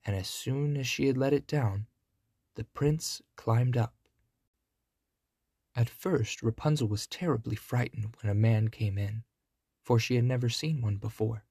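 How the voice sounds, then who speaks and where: A man narrates a fairy tale in a measured storybook delivery. He takes his time, and his voice is husky. The recording is dry and close-miked. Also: medium pitch, steady tone, dark tone, no room sound.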